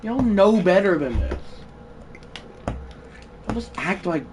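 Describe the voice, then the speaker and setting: Excitable game streamer, animated, easily frustrated, scolds the game out loud. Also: mid-range voice, slow, a little hiss or hum. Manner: frustrated, excitable, bursts into shouting; talks back to the game. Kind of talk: live gameplay commentary.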